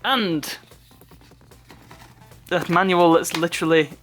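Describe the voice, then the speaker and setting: A man's voice: on the high side, slow pace, fairly bright tone, faint music behind. A man casually chatting through an unboxing, rambling off on asides and chuckling at his own remarks. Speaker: unboxing video host.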